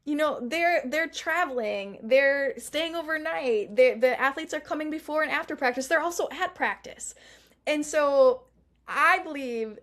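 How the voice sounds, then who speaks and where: A middle-aged woman performance coach chatting as an interview guest, animated, laughing often and acting out the lines she quotes. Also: high-pitched, a little slow. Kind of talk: casual interview chat.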